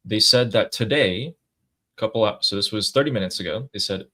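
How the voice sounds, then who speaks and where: A man's voice: on the low side, brisk, sharp tone. A man co-hosting a casual livestream, reading out news updates and reacting to them. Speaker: political commentary co-host.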